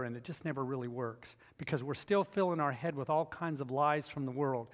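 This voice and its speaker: A man's voice: on the high side, brisk, few pauses, long reverb tail. A man preaching a sermon as pastor, emphatic and repetitive, telling personal stories to make his points.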